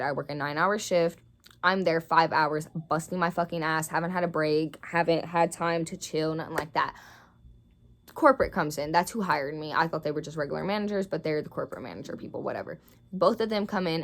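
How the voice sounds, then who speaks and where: A woman's voice: on the low side, a bit bright. Angry profane young woman ranting. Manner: heated, profane, indignant. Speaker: vlogger. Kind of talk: ranting storytime vlog.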